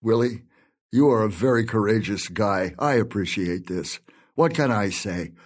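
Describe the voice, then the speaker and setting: An actor playing a brash, blustery male film producer in an audio drama, with loud outbursts and muttered asides. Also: on the low side, measured pace. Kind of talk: audio drama with inner monologue.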